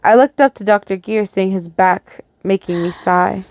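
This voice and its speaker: A woman's voice: medium pitch, normal speed, darkish tone, no echo. A woman reading a first-person fan fiction story aloud, stumbling over words and correcting herself, with casual asides.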